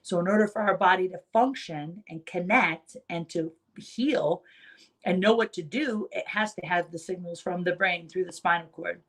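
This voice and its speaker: A woman chiropractor with a lowish voice and moderate pace gives an earnest motivational talk to fellow chiropractors. She tells stories and repeats key phrases for emphasis.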